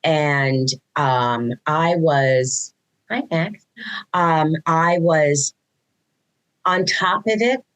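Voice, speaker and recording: A woman guest speaks in a notably low voice, in an easy, conversational way. She tells her stories animatedly, slipping into the voices of the people she quotes and often restarting mid-sentence. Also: extremely slow, poor audio. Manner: animated storytelling, acts out quoted dialogue, frequent restarts. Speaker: guest, mother of a neurodivergent son. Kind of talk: casual conversational interview.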